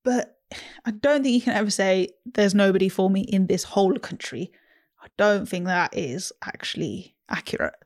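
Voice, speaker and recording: A woman's voice: mid-range voice, normal speed, a little mellow. A young British woman with an English accent, co-hosting a casual film chat in a frank, reflective way. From England. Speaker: podcast co-host.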